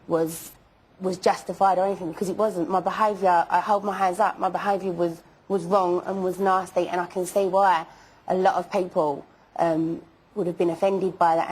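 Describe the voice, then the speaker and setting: A woman's voice: on the low side, darkish tone, slightly rough, poor audio. A young woman being interviewed, stammering and repeating herself as she insists on her apology. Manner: stammering, repeats words, emphatic denials. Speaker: interview guest.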